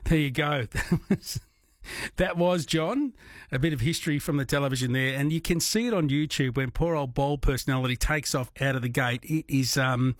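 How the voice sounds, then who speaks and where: An Australian man hosting a late-night radio quiz, chatty and animated. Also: medium pitch, no room sound, studio quality. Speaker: radio host. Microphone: studio microphone.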